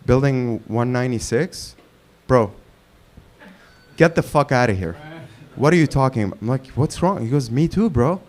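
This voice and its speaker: A man's voice: mid-range voice, lively intonation, moderate pace. A man from Lebanon hosting an open mic, doing stand-up and acting out both sides of dialogues with plenty of swearing. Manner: loud announcer calls when introducing acts. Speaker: open mic host and comedian. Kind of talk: stand-up comedy. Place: comedy club stage with live audience.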